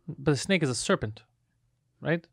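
Brief: man co-host, jokey storyteller, slightly higher pitch, dry sound. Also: animated, normal speed, gravelly, fairly bright tone, breathy edge, dry recording. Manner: joking, teasing, acts out silly quotes. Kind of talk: casual chat.

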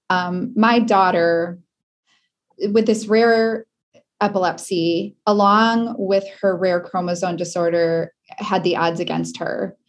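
A middle-aged woman from Wisconsin, a guest in an interview, telling a personal story earnestly and with feeling. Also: lowish voice.

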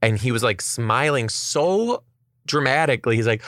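A woman's voice: extremely low pitch, moderate pace, dry recording, studio quality. A young woman podcast host telling a story in casual chat, acting out what people said and swearing freely. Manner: animated storytelling, acts out quotes, swears.

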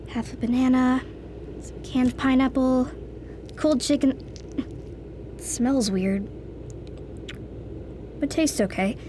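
A woman's voice: sits high, darkish tone, slight background noise. An earnest young girl. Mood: determined. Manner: earnest, determined. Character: earnest, caring young girl narrating her own story. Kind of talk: audio drama narration.

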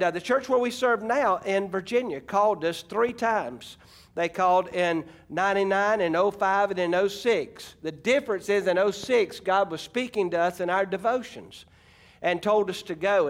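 A middle-aged man from Arkansas, preaching a folksy, emphatic sermon and calling out to his congregation. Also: high-pitched. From Arkansas, USA. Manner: folksy, emphatic preaching with audience call-outs. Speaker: pastor.

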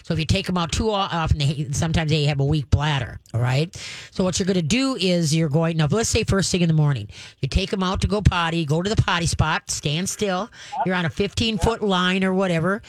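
A woman's voice: lowish voice, a little fast, no echo. Woman, radio advice host, folksy, emphatic, dry close sound. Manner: folksy, emphatic, laughs often. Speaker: radio show dog trainer host.

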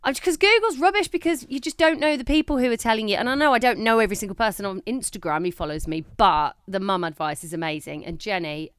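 A podcast co-host in her thirties races through animated stories with few pauses, acting out quoted lines with large jumps in pitch on a casual chat show. Her tone is clean and the recording dry.

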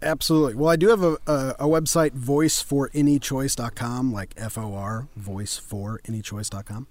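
A man's voice: mid-range voice, fairly even intonation, moderate pace, darkish tone, no echo. A young man, a voice actor, chatting casually as an interview guest; self-deprecating, laughs easily and slips in and out of voices. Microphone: home studio.

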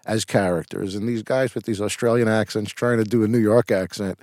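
A man's voice: lowish voice, fairly even intonation, brisk, darkish tone, no echo, clean studio sound. A middle-aged man, an actor, telling rambling stories with restarts and casual swearing in an interview.

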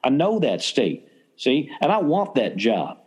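A man putting on a cocky Southern college football coach at a press conference. He brags and promotes himself in a put-on Southern drawl, pitched a little lower than his usual voice. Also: sing-song, a little slow, darkish tone, breathy edge. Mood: boastful. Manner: brash, self-promoting press-conference talk. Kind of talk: mock press conference impression.

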